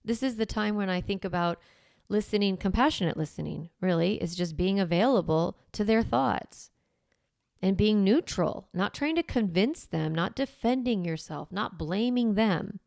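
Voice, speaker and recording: A woman's voice: medium pitch, normal speed, creaky, a little mellow, no room sound, clean studio sound. A woman hosting a parenting podcast, coaching listeners step by step in a direct way, often checking in with "okay?" and "right?". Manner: walks through step-by-step scripts. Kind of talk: instructional podcast monologue.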